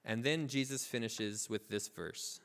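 A man preaching a sermon as pastor, telling a parable with lively asides and acting out the characters' voices. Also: fairly low pitch, a little slow, creaky, long reverb tail. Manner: informal, filler-heavy asides. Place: church sanctuary.

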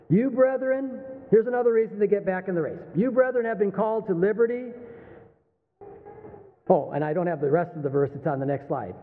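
Older pastor preaching in an echoey hall. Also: male voice, high voice. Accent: Texan. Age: 60s. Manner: conversational, animated, laughs and asks the room. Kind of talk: sermon. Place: church sanctuary. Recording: phone-like, thin sound with long hall reverb.

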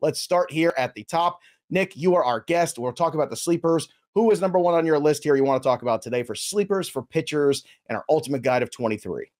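An energetic man hosting a sports podcast, his voice sitting a little higher than most men's. He moves quickly between introductions and promos, keeping the tone lively and chatty. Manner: energetic, plugs and jokes. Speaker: podcast host.

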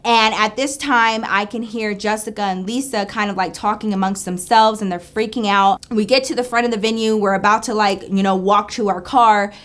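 A woman telling a story in a casual, animated monologue, acting out her friends' lines and talking straight to her audience. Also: medium pitch, normal speed, hardly any pauses. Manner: animated, chatty, acts out friends' voices, says "girl" and "y'all".

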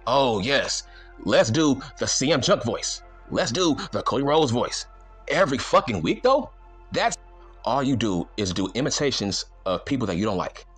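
A man's voice: on the high side, a bit bright, breathy edge. A man delivering an angry, profane, mocking rant to camera as a wrestling YouTuber. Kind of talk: angry ranting monologue.

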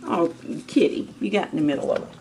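A woman's voice: on the low side, lively intonation, quick pace, gravelly, dark tone, a little hiss or hum. A woman filming her puppies at home on a handheld camera, coaxing them along in cooing baby talk. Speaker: dog breeder filming her litter. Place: home, by a whelping box.

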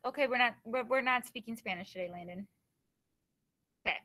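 A woman's voice: on the high side, fairly quick, pauses often, bright, forceful tone. A woman teacher running a class in an upbeat, encouraging way, talking to her students in an online class. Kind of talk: classroom lesson.

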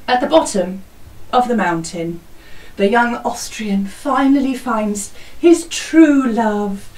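A woman teaching children a song, speaking slowly and clearly, singing lines and modelling the sound effects for them. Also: a little high, lively intonation, roomy sound, far from the mic, rough recording. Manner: slow, clear and encouraging, sings parts and animal sounds. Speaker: music teacher leading a school singalong.

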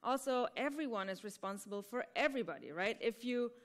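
A woman's voice: fairly high pitch, lively intonation, fairly quick. A woman teaching improv who explains a game step by step to a conference audience, often checking in with "right?". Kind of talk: conference talk.

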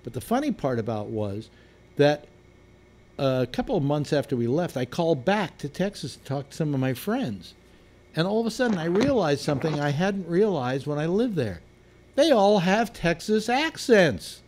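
A man hosting a casual panel chat, telling stories in a relaxed, rambling way with frequent restarts. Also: on the high side, moderate pace. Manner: chatty, storytelling, trailing restarts. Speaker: host.

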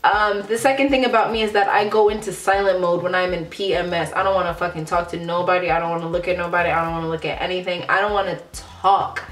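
A woman's voice: on the low side, steady tone, fast, hardly any pauses, fairly bright tone. A woman in her late twenties from a Ghanaian family in the United States, talking candidly in a casual vlog and filling her speech with "like.". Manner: chatty and candid, many "like" fillers. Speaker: vlogger. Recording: roomy echo, faint background music.

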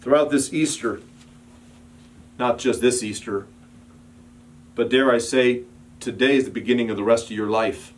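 A man preaching a sermon as pastor, building emphatic repeated calls and sometimes dropping to a soft, quiet storytelling voice. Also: mid-range voice, normal speed, long pauses.

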